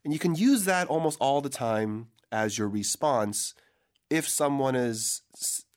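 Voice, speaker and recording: Young male co-host for a casual English lesson, lively pitch, relaxed, acts out examples. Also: unhurried.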